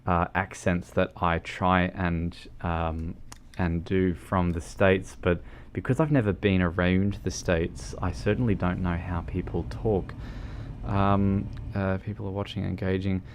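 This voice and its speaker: A man's voice: deep voice, steady tone, measured pace, a little hiss or hum. A man chatting casually on a gaming livestream, rambling and hesitant with lots of ums. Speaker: streamer.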